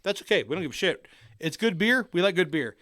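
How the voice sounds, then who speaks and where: A man co-hosting a casual podcast, talking crudely and excitably in loose, rambling banter. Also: high-pitched, fast, no room sound, studio quality. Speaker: podcast co-host.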